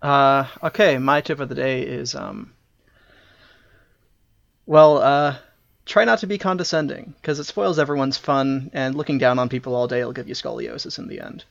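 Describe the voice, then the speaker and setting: A man co-hosting a casual podcast, speaking in an even, wry way with dry humor. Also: mid-range voice, moderate pace, gravelly, no room sound. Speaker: podcast co-host. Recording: dull, dry close mic.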